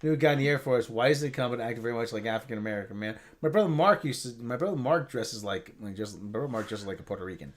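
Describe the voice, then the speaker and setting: A man's voice: medium pitch, racing, few pauses, slight background noise. A man co-hosting a livestream in casual chat, rambling and joking with lots of restarts. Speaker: livestream co-host.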